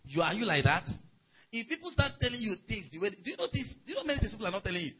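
Husky, bright-voiced pastor preaching. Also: male voice, high-pitched, very animated, very fast, rough recording. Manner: emphatic preaching with swings between loud and soft, checking in with the congregation. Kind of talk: sermon.

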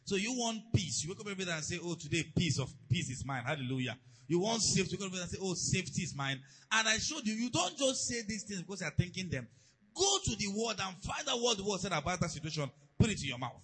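Raspy bright-voiced preacher man. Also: high-pitched, big pitch swings, fast talker, poor audio. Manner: call-and-response, building to shouted declarations. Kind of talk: sermon. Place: church.

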